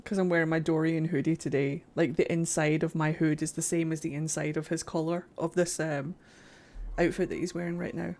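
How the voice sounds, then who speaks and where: A woman's voice: low-pitched, flat delivery, brisk, creaky, a little mellow. A woman streamer chatting casually over gameplay, making playful, profane asides. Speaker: game streamer.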